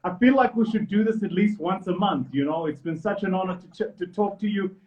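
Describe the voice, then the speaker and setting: Playful high-voiced South African man. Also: a little fast. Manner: playful, mock-flattering. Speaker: host of the live chat. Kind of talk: teasing casual live chat. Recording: dull lo-fi live-stream audio.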